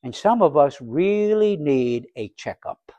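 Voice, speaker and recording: A man preaching a sermon as pastor, asking rhetorical questions and acting out little scenes, swinging between quiet and loud. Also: on the high side, animated, unhurried, dry recording, lo-fi sound. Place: church sanctuary.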